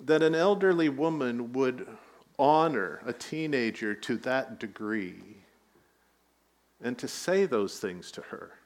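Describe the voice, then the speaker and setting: A man's voice: mid-range voice, animated, slow. A man preaching a sermon, telling the story with rising emphasis and light asides. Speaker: pastor.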